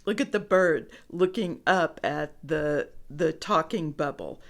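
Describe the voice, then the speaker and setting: A woman reading a picture book aloud to children, asking the listener questions about the pictures. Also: low voice. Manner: slow, expressive, asks the listener questions. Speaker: storybook reader.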